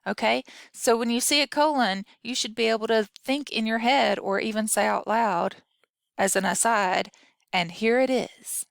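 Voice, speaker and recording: A woman's voice: on the high side, steady tone, moderate pace, vocal fry, no room sound, studio quality. A woman instructor giving a recorded grammar lesson, explaining patiently and talking through example sentences aloud.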